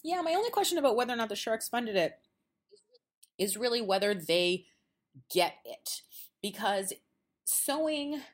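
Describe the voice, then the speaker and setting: A woman hosting a podcast in casual chat, animated and quick to act out quoted voices, laughing often. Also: on the high side. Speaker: podcast host. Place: at a quilt show.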